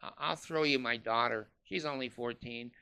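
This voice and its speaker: A man's voice: mid-range voice, normal speed, creaky, pushed and bright, clean tone, dry recording. A man putting on the voice of a fawning father who bargains with his daughter, in a heated monologue. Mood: mock fawning.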